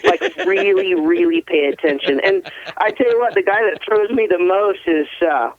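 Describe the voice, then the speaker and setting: High-voiced man telling stories over a phone line. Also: moderate pace, no room sound. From US West Coast. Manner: laughs often, rambling, animated. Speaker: guest, ATV racer. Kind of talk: casual storytelling interview.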